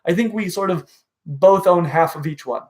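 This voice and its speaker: A man hosting a casual reptile livestream, enthusiastic and full of halting restarts. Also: high voice, a little mellow. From dry western region. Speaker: reptile show host.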